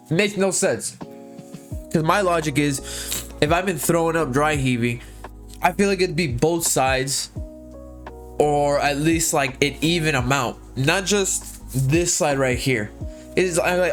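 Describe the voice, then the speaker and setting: Young man, casual vlog storytelling, profane and excitable, a bit high-pitched, faint music behind. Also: moderate pace. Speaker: vlogger.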